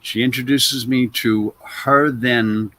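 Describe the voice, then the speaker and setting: Bright-sounding guy telling stories in an interview, loose, animated, lots of blah blah. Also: medium pitch, takes it slowly. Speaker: actor and interview guest. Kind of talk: anecdotal interview storytelling.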